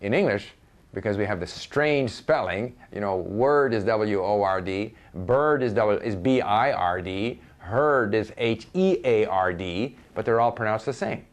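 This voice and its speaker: An older man offers conversational advice on learning languages, often restarting sentences and spelling words out letter by letter. His voice is lowish and his pace measured.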